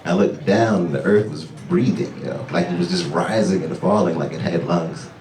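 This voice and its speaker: A male stand-up comedian telling a story to a club audience, with animated delivery that jumps into high, excited voices. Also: moderate pace, a little hiss or hum. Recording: echoey club sound from far off.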